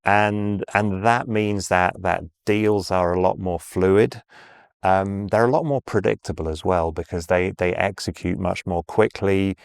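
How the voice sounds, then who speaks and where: Low man's voice, Southern English accent, middle-aged, dry close sound, unhurried anecdotal interview talk. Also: steady tone, vocal fry, clean tone, dry recording. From England. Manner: measured, anecdotal, with frequent ums and restarts. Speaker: interview guest, sales executive. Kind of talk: conversational interview.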